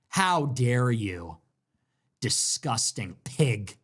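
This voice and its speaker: A man's voice: high-pitched, very animated, a little slow. A man in his twenties delivering an impassioned, angry political monologue as a show host, hammering points with repetitive emphatic phrasing.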